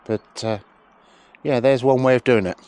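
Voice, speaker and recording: A man training a sheepdog out in a sheep field, calmly explaining each step and breaking off to call the dog in a high, loud voice. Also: moderate pace, clear, resonant tone. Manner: relaxed explaining, broken by high shouted calls to the dog. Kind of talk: outdoor training demonstration with commentary.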